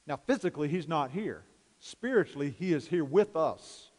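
A man's voice: on the high side, lively intonation, moderate pace, a little mellow. A man pastor preaching a sermon and praying, emphatic and repetitive, in a church sanctuary. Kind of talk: sermon and prayer. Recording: long church hall reverb.

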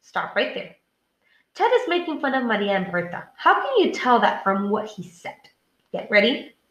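A woman teacher reading a story aloud to her class, pausing for questions and prompts in a clear, deliberate way. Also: fairly high pitch, very animated, a bit bright, roomy sound, a little hiss or hum, low-quality recording.

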